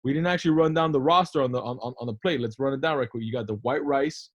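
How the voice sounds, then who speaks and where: A man's voice: medium pitch, quick pace. A man co-hosting a podcast, telling stories in a laid-back casual way, peppering his talk with "bro" and "dude". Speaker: podcast co-host. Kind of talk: casual chat.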